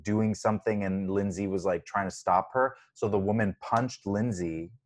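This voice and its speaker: A man with a fairly low voice co-hosts a podcast. He talks in loose, jokey chat that rambles along with plenty of fillers. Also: normal speed. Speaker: podcast co-host. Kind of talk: casual chat.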